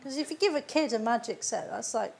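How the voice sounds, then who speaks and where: A woman's voice: fairly high pitch, animated, a little fast, vocal fry. A woman on a comedy panel show, ranting in a blunt, sardonic way. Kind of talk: comic rant. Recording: loud studio audience and noise.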